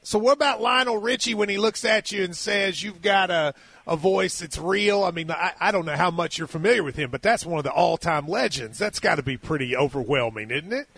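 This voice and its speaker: Male radio host, bright, husky, folksy interviewer in a dry studio. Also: high-pitched, brisk, no room sound. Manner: folksy, encouraging, asks questions.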